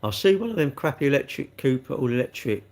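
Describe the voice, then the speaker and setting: A man's voice: mid-range voice, very animated, fast. Man, middle-aged, live-stream host, casual rant, rhetorical questions. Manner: chatty, ranting with rhetorical questions.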